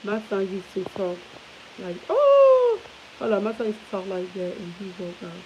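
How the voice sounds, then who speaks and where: Over dull lo-fi audio with a faint hiss, this vlog host speaks briskly in a medium-pitched, steady voice. She tells her viewers stories in a casual, rambling, chatty style, often laughing and starting over.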